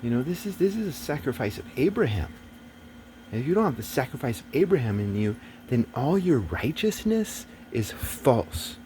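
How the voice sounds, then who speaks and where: A man's voice: mid-range voice, sing-song, normal speed, warm tone, slight background noise. A man talking in a rambling casual monologue, swearing often and turning agitated and preachy.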